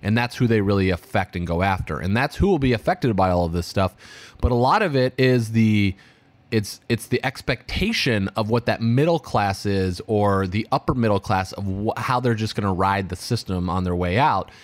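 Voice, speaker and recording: A man's voice: lowish voice, lively intonation, moderate pace, no echo. A man in his thirties hosting his own podcast, talking casually and rambling with restarts and fillers. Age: 30s. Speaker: podcast host. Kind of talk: casual solo podcast monologue.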